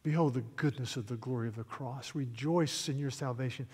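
A man's voice: medium pitch, fairly quick, darkish tone, breathy edge. Preacher man in an echoing hall. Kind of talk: sermon with storybook reading. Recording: echoey hall reverb.

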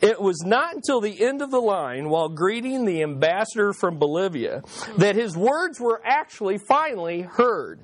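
A man with a notably high-pitched voice delivers a sermon, weaving humorous anecdotes into his lesson. He draws the congregation in with call and response and repeats his key lines for emphasis. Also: very animated, normal speed. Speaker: pastor. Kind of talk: sermon with jokes.

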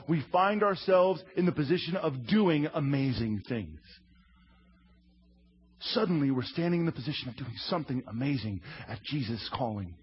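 Husky, animated male preacher, lo-fi sound. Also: fairly high pitch. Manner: animated storyteller, acts out quotes. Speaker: preacher teaching a Bible lesson. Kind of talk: sermon, drawing while teaching. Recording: dull lo-fi sound.

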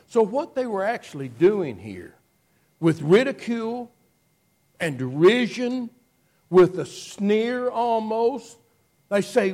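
A man preaching a sermon, telling the story dramatically and moving between hushed passages and loud ones. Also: high-pitched, sing-song, takes it slowly, long pauses.

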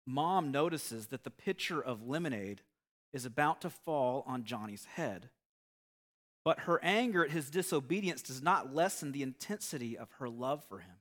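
A man preaching a sermon, telling an illustrative story in an earnest, measured way. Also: mid-range voice, a bit bright. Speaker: pastor.

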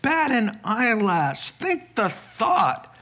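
A man preaching a sermon, acting out the biblical figures in lively dialogue and breaking into sudden high, emphatic bursts. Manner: slow, deliberate delivery with sudden high bursts.

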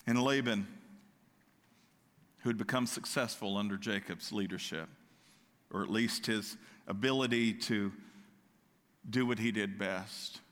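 A man preaching a sermon, animated, slipping into loud, high-pitched outbursts when he acts out what people say. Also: unhurried, long pauses. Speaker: pastor. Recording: long hall reverb.

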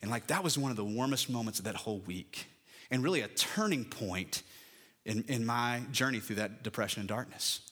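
A middle-aged male pastor delivering a sermon, his voice bright and forceful. He climbs in pitch through emphatic lists, then settles into a plain, conversational storytelling tone. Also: brisk. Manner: animated preaching, rising emphatic lists, personal storytelling.

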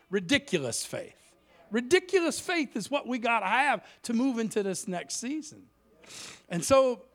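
A man with a high, fairly bright voice preaches in a church as a guest speaker. His sermon is humorous storytelling, told in a joking, self-mocking way.

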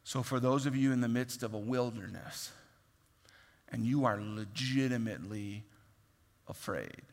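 A man preaching a sermon, acting out voices and swinging from loud to hushed. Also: medium pitch, unhurried, in a large hall. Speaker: pastor.

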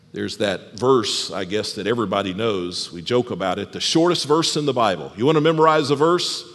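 A man preaching a sermon as pastor, animated, often dropping soft and low for emphasis. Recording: long hall reverb.

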